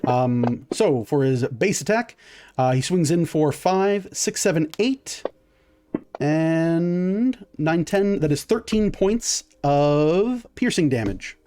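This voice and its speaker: A man with a slightly high voice runs a tabletop game as game master. He narrates the action casually, stopping on "uh" fillers and tallying up dice out loud. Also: slow pace. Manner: relaxed, many "uh" fillers, counts out dice.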